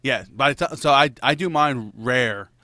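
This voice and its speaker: A man's voice: mid-range voice, normal speed, pushed and bright, no echo, clean studio sound. A man in casual chat, telling a rambling, profanity-laced story and laughing between lines.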